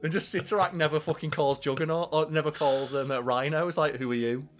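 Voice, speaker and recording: A man's voice: on the high side, steady tone, fast talker. A man co-hosting a podcast, riffing and joking profanely in casual chat. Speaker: podcast co-host.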